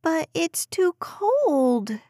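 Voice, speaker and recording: A whiny, stubborn little preschool girl wheedles and complains in a high, thin voice far from the reader's own. The read is dry and close, with no room sound. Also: big pitch swings, extremely slow, mellow, no echo, full character voice. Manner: whiny and pleading.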